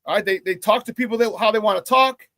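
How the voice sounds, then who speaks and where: A man hosts a sports talk show, telling a story in a loose, animated rant. His voice sits fairly high for a man, and he uses quick voice changes when he quotes people. The sound is dry and close, with no room echo. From Chicago area. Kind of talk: casual rant on a live show.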